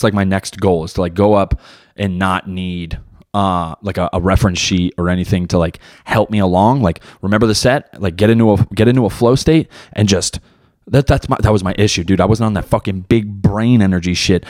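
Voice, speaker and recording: A man's voice: on the low side, fairly quick, darkish tone, no room sound, clean studio sound. A young man hosting his own podcast in casual solo talk, loose and rambling, heavy on slang and swearing. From United States. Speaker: podcast host and beginner stand-up comic.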